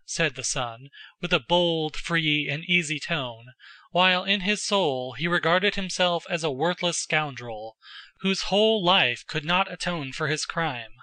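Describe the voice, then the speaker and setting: A male audiobook narrator with a measured storytelling delivery. His voice is bright and a little high-pitched, recorded close and dry with no room sound. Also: no echo. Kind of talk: scripted narration.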